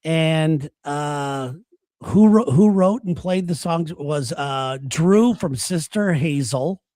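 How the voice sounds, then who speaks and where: Male talk host, high-ish voice, dry close sound, chatty storyteller. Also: takes it slowly, mellow, no echo. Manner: storytelling, laughs while talking. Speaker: radio show host. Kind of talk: casual chat.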